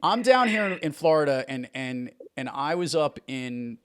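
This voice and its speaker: A man's voice: fairly high pitch, animated, normal speed, a crowd in the background. Playful stammering male podcast host. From New York. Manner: playful, restarts and stammers often. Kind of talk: casual interview chat.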